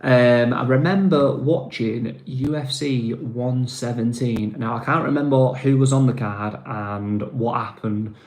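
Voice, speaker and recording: A man with a Mancunian accent chats casually on a live stream. He rambles, fills gaps with ums and uhs, and keeps calling his viewers mate. His mid-pitched voice sits in a noticeably roomy, echoing space. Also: steady tone, measured pace, hardly any pauses, a little mellow. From Manchester, England. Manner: rambling, filler-heavy, calls viewers mate.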